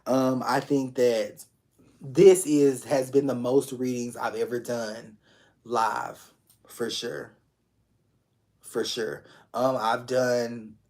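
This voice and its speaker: A man's voice: mid-range voice, darkish tone. A man giving live-streamed tarot readings in a casual, affectionate way, talking straight to viewers, repeating phrases and swearing freely. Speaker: tarot reader.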